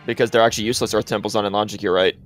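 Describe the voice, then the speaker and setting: A man's voice: lowish voice, fairly even intonation, very fast, faint music behind. A man commentating a live speedrun race, explaining strategy at length and calling out misplays. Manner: explanatory, opinionated, frequent restarts.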